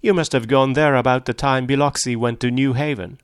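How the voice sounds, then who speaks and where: A man's voice: mid-range voice, animated, brisk, no echo, clean studio sound, pitched above the performer's own voice, close to an everyday voice. A man reading a story aloud, voicing an arrogant, indignant wealthy husband in a raised, sneering voice. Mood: scornful.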